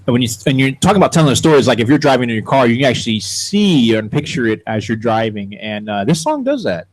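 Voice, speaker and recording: A man co-hosts a radio show, jumping in eagerly with quick remarks and questions. He talks fast at a mid pitch in a relaxed studio chat. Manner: enthusiastic, chiming in. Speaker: radio DJ co-host. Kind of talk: casual chat.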